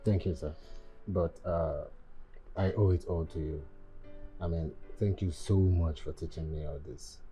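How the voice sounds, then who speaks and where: A loyal Nigerian employee speaking respectfully in a very deep, dark, mellow voice. Faint film music runs underneath. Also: male voice, fairly even intonation, unhurried, highs cut off. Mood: deferential. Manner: respectful, says sir constantly. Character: loyal, deferential male employee.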